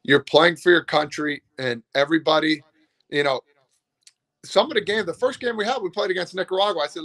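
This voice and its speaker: A man in his thirties, a former ballplayer, telling lively stories in a casual interview and acting out what he said to teammates. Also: on the high side, a little fast. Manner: animated, acts out pep talks. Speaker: former baseball player, guest.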